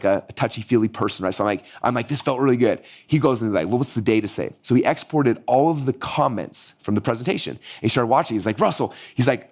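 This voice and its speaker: A man in his forties tells a business story at a very fast clip. His mid-range voice jumps up whenever he acts out what people said. He sounds eager and animated throughout. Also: mid-range voice. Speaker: business coach teaching marketing. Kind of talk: energetic teaching monologue with storytelling.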